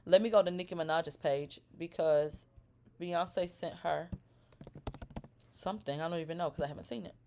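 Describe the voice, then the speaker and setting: She's a woman in her thirties reading comments on her live celebrity gossip stream, reacting animatedly and with plenty of swearing, her voice going from a low drawl to sudden shrieks. The pace is normal with long pauses, and there's a slight hiss or hum on the recording.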